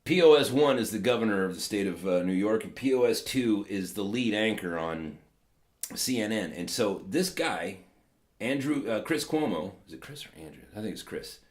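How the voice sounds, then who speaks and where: A man's voice: on the low side, animated, normal speed, echoey room. A man hosting a podcast, giving casual political commentary in a rambling, sarcastic way with lots of fillers. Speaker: podcast host.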